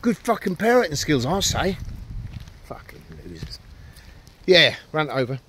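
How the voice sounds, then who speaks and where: A man's voice: on the high side, very animated, unhurried, a bit bright, a little hiss or hum. A man vlogging outdoors with his dogs, rambling and ranting, heavy with swearing and self-deprecating jokes. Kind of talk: casual rambling vlog.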